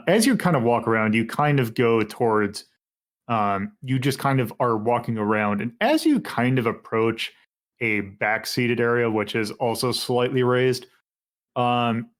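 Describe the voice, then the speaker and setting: A male game master narrating a tabletop game at a middle pitch. He talks in a loose, halting way and often backs up to restart his sentences.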